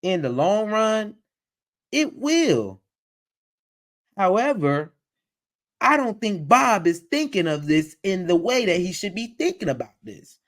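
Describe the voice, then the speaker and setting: A man's voice: high voice, sing-song, slow, pauses often. A man hosting a livestream who reacts to a video in casual, exasperated commentary. He talks in a way, repeats phrases and mocks the voices he quotes.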